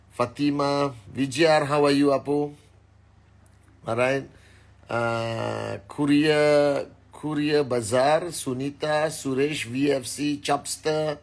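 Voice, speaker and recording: A man in his thirties talks casually on a livestream, upbeat and energetic. His pitch sits in an ordinary middle range as he reels off names and greetings to his viewers.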